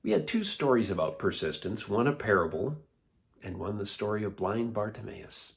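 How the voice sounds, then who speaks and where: A man leading children's church, telling a Bible story in a playful, animated way. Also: on the low side, normal speed, vocal fry. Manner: animated, playful, laughs often.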